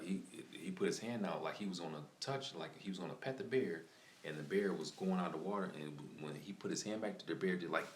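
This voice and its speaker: A man with a very deep voice tells a story to his stream in a loose, rambling way, circling back over the same points. His voice rings around a bare room with plenty of echo, and a faint hum sits underneath. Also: fairly bright tone. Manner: rambling, repeats himself, lots of "like" and "man". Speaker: live streamer. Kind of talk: casual storytelling to stream viewers. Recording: echoey room with faint ambient noise.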